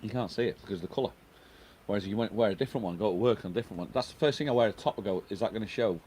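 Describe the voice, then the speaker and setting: A man's voice: on the low side, very fast, darkish tone, slight background noise. A middle-aged man hosting a casual live stream at home, chatting and reading out viewer comments.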